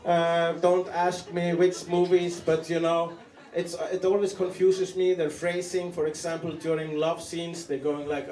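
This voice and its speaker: A man with an Icelandic accent doing a stand-up set, with a deadpan, halting delivery full of restarts. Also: a little high. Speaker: stand-up comedian. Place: comedy club stage. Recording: roomy live club sound from a distance, loud audience. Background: audience laughter.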